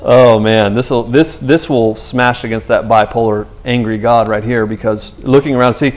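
A man's voice: mid-range voice, normal speed, hardly any pauses. Man preaching casually on a podcast. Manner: animated storytelling with slang and repeated restarts.

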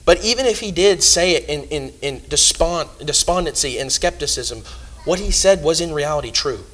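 A man preaching a sermon in earnest, swinging between loud emphasis and hushed asides. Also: fairly high pitch, lively intonation, moderate pace, poor audio.

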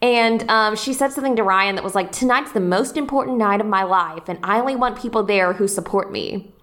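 A young woman co-hosts a casual rewatch podcast, giggling and hesitantly restarting her sentences again and again. She speaks briskly at a medium pitch with a fairly bright tone.

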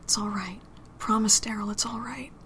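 Brief: woman voicing an impassioned young woman, husky whisper, gravelly edge, flat low tone between outbursts. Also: measured pace, slight background noise. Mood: hushed tender. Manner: whispered and breathy, rising to cries. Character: passionate young woman, tender then impatient.

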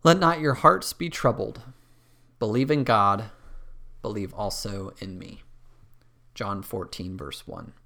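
A man preaching a sermon as pastor, earnest, dropping to a hush at dramatic moments. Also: lowish voice, slow, creaky, pauses often.

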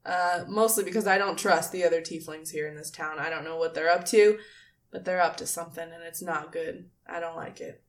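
A woman's voice: lowish voice, fairly even intonation, fairly quick, distant mic, lightly acted. A woman voicing a hesitant young male tiefling who puts on a tough front. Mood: wary. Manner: unsure, full of questions.

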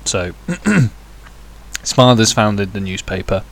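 Man, podcast host, lowish voice, halting, filler-heavy, swears and jokes. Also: steady tone. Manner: rambling, hesitant with many fillers, crude jokey asides. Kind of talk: casual solo podcast chat.

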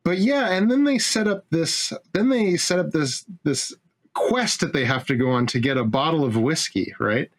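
A man with a somewhat high voice chats about a film. He swears and laughs as he goes, and acts out the characters' lines himself. His casual, animated retelling jumps from scene to scene. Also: moderate pace. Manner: animated, profane, laughing storyteller who acts out the dialogue.

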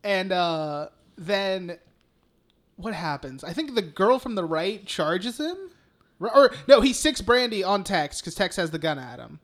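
A man's voice: sits high, sing-song, a little slow, fairly bright tone. A man co-hosting a podcast, casually retelling a film scene by scene, swearing a lot and laughing as he goes. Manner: profane, rambling retelling with frequent laughs. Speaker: podcast co-host.

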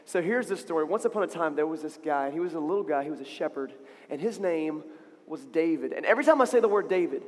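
A man's voice: fairly high pitch, animated, quick pace. A man leading an interactive, playful call-and-response story for a young church audience. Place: church stage with big speakers. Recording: reverberant hall over loudspeakers.

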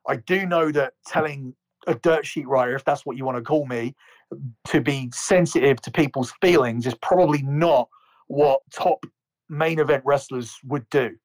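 A man's voice: medium pitch, normal speed. A man co-hosting a podcast, ranting in a heated, profane way and often repeating words. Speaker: podcast co-host. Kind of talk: heated casual podcast rant.

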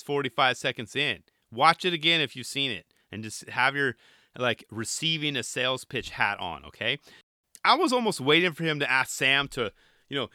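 Man with a sharp, bright voice. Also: mid-range voice, very animated, brisk, no room sound, studio quality. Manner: chatty and rambling, with joking asides. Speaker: reaction commentator. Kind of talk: casual reaction commentary.

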